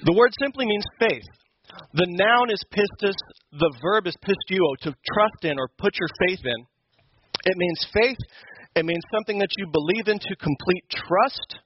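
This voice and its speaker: A man's voice: high voice, animated, normal speed, highs cut off, slight background noise. A man teaching a Sunday school lesson, explaining scripture in an emphatic, conversational way. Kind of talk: Bible teaching.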